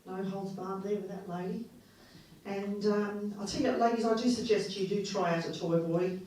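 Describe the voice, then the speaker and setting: A woman's voice: mid-range voice, fairly even intonation, normal speed, darkish tone, slight background noise. Brash woman comic in an echoey club. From born in England, grew up in Australia. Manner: brash, bawdy, self-mocking. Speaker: stand-up comedian. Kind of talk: stand-up comedy set. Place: comedy club stage. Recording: roomy live venue from a distance, audience laughter.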